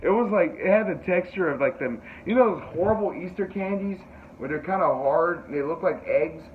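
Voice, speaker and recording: A man hosting a casual podcast, telling a rambling, animated story full of fillers and swearing, and jumping into high yelps when he quotes people. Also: a little fast. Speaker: podcast host. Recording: tinny phone-like sound with faint noise.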